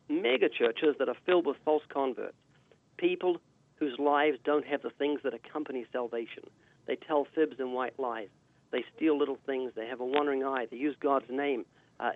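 Male guest evangelist with a New Zealand accent, emphatic sermon delivery, phone-quality audio, dry and mid-pitched. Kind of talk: preaching on a radio call-in show. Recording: tinny dry phone line.

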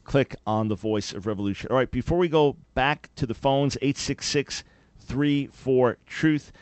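A man's voice: medium pitch, moderate pace, darkish tone, no room sound. Earnest male radio call-in host. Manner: earnest, explanatory, emphatic. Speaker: radio talk show host. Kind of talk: call-in radio talk answering questions.

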